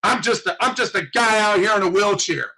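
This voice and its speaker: A man's voice: high voice, a little fast, bright, forceful tone, breathy edge, low-quality recording. A man in a wheelchair delivering an impassioned, preachy monologue about police and rights, swearing often. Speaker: activist vlogger.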